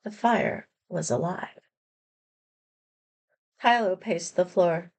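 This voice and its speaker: A woman reading a novel chapter aloud in a plain, steady manner, sometimes correcting herself. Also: fairly low pitch, slow, long pauses. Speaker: narrator.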